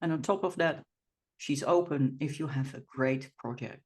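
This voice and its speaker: A woman with a Dutch accent hosts an interview, speaking at a fairly low pitch. Her talk is chatty, and at times she stops and starts over as she hunts for the words. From Netherlands. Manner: warm and chatty, with some halting restarts. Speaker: podcast host.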